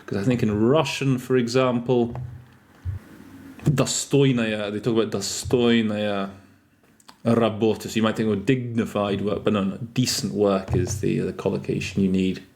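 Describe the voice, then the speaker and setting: A man's voice: fairly low pitch, little pitch movement, moderate pace, darkish tone, slight background noise. A man hosting a podcast lesson on interpreting vocabulary, chatty and self-correcting, mixing in French and Russian terms. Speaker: interpreter trainer. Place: lives in France.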